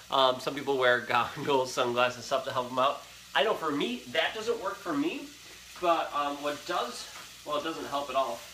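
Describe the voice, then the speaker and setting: A young man hosts a casual live cooking show, chatty and upbeat as he talks straight to his viewers. His voice sits a little high and comes across bright and forceful. The kitchen is echoey, with a faint sizzle behind him. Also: slight background noise. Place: home kitchen.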